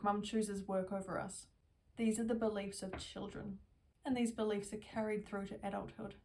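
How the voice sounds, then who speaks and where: A woman therapist giving a self-help lesson in a gentle, slow, reassuring way. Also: mid-range voice, distant mic.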